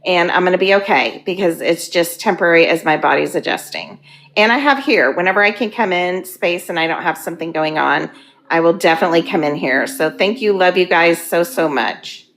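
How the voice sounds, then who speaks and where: A woman in her fifties candidly sharing her recovery story, earnest and halting, weepy and emotional. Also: on the low side, animated, a bit bright, slight background noise. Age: 50s. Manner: earnest, halting, with frequent ums.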